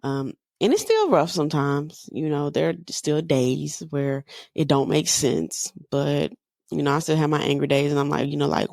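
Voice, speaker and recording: A woman's voice: low voice, normal speed, gravelly, darkish tone, no room sound, studio quality. A woman in her thirties hosting a podcast, talking candidly in a loose, conversational way with lots of fillers. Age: 30s. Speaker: podcast host. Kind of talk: personal monologue.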